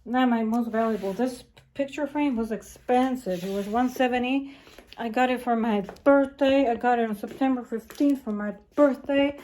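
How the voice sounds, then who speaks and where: A woman rambling through a casual vlog monologue, halting and restarting often, repeating phrases, and acting out her own lines in a higher voice. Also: mellow, low-quality recording. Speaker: vlogger.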